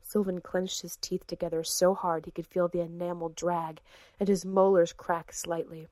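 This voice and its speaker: Low-voiced woman narrating a story. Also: level tone, normal speed, warm tone, no room sound. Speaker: audiobook narrator. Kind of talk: scripted narration.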